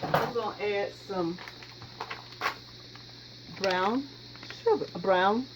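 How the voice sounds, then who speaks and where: A woman's voice: medium pitch, drawn-out words. A woman hosting a home cooking video, chatting folksily to viewers as she works in her kitchen. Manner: folksy, chatty, talks straight to viewers with frequent y'all. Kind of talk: casual cooking demonstration. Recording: dull lo-fi sound with steady background noise.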